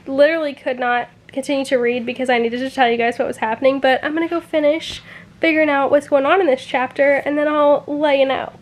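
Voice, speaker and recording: A woman's voice: high-pitched, fairly even intonation, fairly quick. A woman talking casually in a reading-reaction vlog, full of "like" and openly emotional about the book, swearing when upset. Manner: chatty, says "like" a lot. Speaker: book vlogger.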